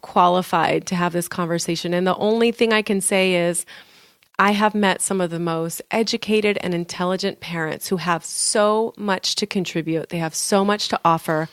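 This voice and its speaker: A tired woman co-hosting a podcast in casual chat, talking in quick bursts and laughing often. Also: mid-range voice, fairly bright tone, no echo, clean studio sound. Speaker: podcast co-host.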